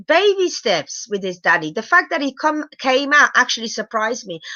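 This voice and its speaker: A woman's voice: on the high side, pushed and bright, no room sound, muffled recording. A woman giving a chatty live review of a reality show, exclaiming and asking her viewers questions. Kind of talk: live casual episode review.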